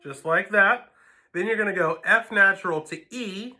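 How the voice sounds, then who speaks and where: Bright-voiced man teaching violin. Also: sits high, normal speed, faint music behind. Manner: patient, counts beats aloud. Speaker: string teacher. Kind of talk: music lesson. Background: violin playing.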